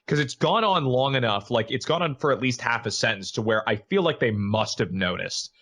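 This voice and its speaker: A man's voice: mid-range voice, animated, a little fast, fairly bright tone. A man guesting on a podcast as a voice actor, easygoing and self-deprecating, laughing along. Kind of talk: casual podcast chat.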